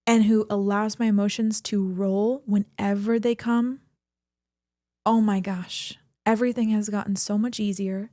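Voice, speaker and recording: A woman's voice: mid-range voice, steady tone, measured pace, dark tone, dry recording, studio quality. A young adult woman co-hosting a podcast, talking earnestly and reflectively about her feelings in a flowing, emphatic way. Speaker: podcast co-host. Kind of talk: reflective personal talk.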